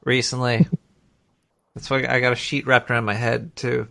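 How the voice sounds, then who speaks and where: A man's voice: mid-range voice, little pitch movement, moderate pace, vocal fry, bright, forceful tone. A man hosting a casual talk show, loose and joking, who swears freely. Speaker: podcast host. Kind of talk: casual chat.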